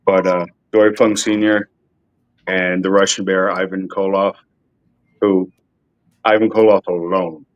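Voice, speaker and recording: A man's voice: low-pitched, little pitch movement, unhurried, long pauses, dry recording, muffled recording. A man chatting casually on a podcast, offhand and blunt, with a bit of swearing and hunting for words. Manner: offhand, swears, loses his train of thought. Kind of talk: casual chat.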